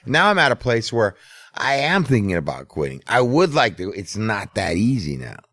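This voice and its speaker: A man's voice: fairly low pitch, wildly swooping pitch, normal speed, fairly bright tone, no echo, clean studio sound. A middle-aged man telling a casual, profane story as a podcast host. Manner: profane, laid-back storyteller.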